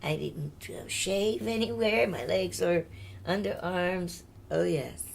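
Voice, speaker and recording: A woman's voice: lowish voice, takes it slowly, creaky, slight background noise. An older woman, a singer, telling her life story in a candid, chatty interview and laughing often.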